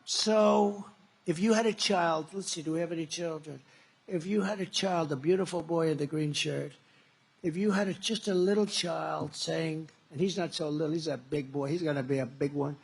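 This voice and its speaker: Husky-voiced man giving a rambling rally speech. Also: fairly high pitch, normal speed. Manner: rambling, repetitive, emphatic. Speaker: political candidate.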